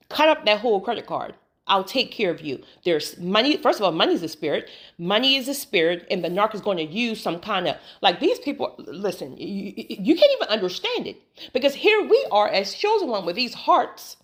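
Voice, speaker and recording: A woman giving a preachy motivational talk on spiritual healing, colloquial and emphatic, often repeating her phrases for weight. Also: mid-range voice.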